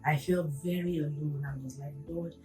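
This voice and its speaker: A woman in her forties, a counsellor, telling a painful personal story in an earnest, reflective way that often drops to a hush. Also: low-pitched, steady tone, normal speed. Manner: earnest, reflective, with hushed moments. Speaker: interview guest, counsellor. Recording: roomy, distant mic with music.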